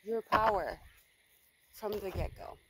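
A woman's voice: medium pitch, takes it slowly, noisy background. Blunt, emphatic woman reading tarot. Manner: blunt, emphatic, swears freely. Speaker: tarot reader. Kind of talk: casual tarot reading to camera.

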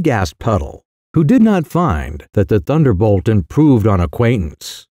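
A man narrating a comic short story in a wry, expressive storytelling manner. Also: on the low side, measured pace, hardly any pauses, no room sound, studio quality. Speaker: audiobook narrator.

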